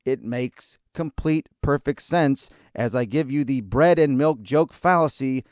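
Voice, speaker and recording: An American man hosting a podcast, ranting sarcastically and scolding his listeners, at times in a mock calm, soothing voice. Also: mid-range voice, unhurried, smooth, dry recording, studio quality. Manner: sarcastic, scolding and exasperated, hurling insults; mock calm and soothing delivery that breaks into outbursts. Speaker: podcast host. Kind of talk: ranting opinion segment.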